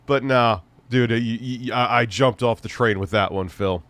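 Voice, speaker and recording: A man hosts a casual livestream in a middle-pitched voice. He rambles, restarts his sentences, and keeps throwing in crude, profane jokes. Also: steady tone, normal speed, fairly bright tone, no room sound. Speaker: livestream host.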